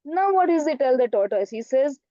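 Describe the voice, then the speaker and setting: A woman's voice: high voice, expressive, brisk, mellow, dry recording, dull audio. A woman teacher telling a story in an online class, often asking questions and checking "right?". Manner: asks the class questions, frequent "right?" and "okay". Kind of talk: storytelling lesson for children.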